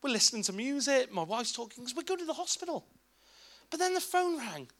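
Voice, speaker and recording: A man's voice: extremely high pitch, lively intonation, brisk, a bit bright. A man in his thirties with an English accent, giving a candid, informal personal testimony at a church children's ministry event, with asides to the audience.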